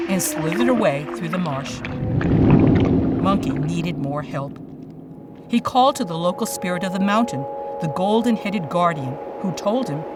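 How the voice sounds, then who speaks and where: Distant storyteller over loud music. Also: mid-range voice. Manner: dramatic, expressive. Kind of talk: storybook narration.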